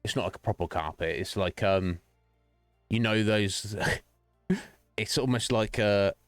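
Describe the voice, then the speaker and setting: A man's voice: lowish voice, unhurried, clear, resonant tone, no echo, faint music behind. A man streaming, chatting casually in a rambling, profane way with many restarts. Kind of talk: casual chat while streaming.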